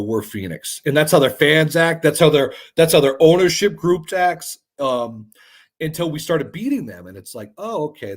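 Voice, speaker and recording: A man breaks down a soccer team in easygoing sports talk. His voice is a bit husky and his delivery lively and casual, full of fillers and slang. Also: mid-range voice. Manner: animated, uses filler and "dude". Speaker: soccer commentator guest.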